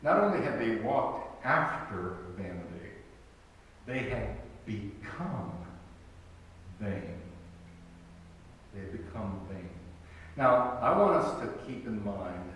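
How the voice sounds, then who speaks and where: Pastor preaching in an echoey church hall. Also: male voice, fairly low pitch, sing-song, slow, long pauses, fairly bright tone, distant mic, slight background noise. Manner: conversational preaching with wry humor and emphatic rhetorical questions. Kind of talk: sermon. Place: church sanctuary.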